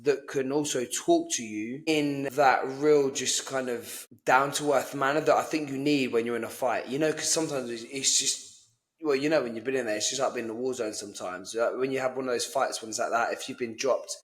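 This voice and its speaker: A young man, a boxing coach, gives casual motivational advice in a blunt way with some swearing. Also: mid-range voice. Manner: blunt, swears, mimics voices in quotes. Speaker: boxing coach and podcast host.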